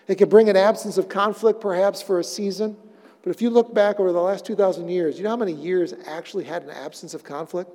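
A man preaching a sermon as pastor, moving from loud emphatic phrases down to hushed, almost whispered words. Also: sits high, long reverb tail. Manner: swings between loud emphatic lines and hushed near-whispers.

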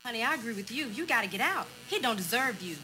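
Actress as an eager friend, rapid, bright and lively. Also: female voice, fairly high pitch, slight background noise. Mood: sympathetic.

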